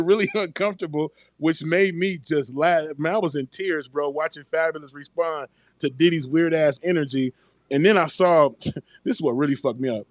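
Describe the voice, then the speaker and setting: A man's voice: high-pitched, no room sound. A man in a casual group chat who tells stories animatedly, swears freely and keeps breaking into laughter. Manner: laughing storyteller, profane and animated. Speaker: call-in discussion participant.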